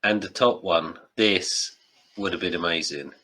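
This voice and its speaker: A man's voice: low-pitched, measured pace, sharp tone, poor audio. A man hosting a podcast, chatting casually and laughing often between jokes. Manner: giggly, jokey, drops into silly impressions. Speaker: podcast host.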